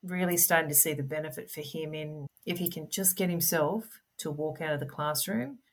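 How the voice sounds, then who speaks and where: A middle-aged woman speaks with a notably low voice. She is a guest in a relaxed interview and talks in an earnest, gentle, explanatory way. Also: moderate pace. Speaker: podcast guest, parent advocate. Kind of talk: conversational interview.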